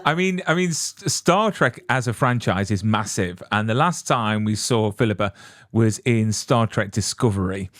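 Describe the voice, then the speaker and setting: A man's voice: lowish voice, expressive, moderate pace, a bit bright, dry recording. Enthusiastic male host, dry close sound. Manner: enthusiastic, long rambling questions. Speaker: interview host. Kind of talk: casual interview.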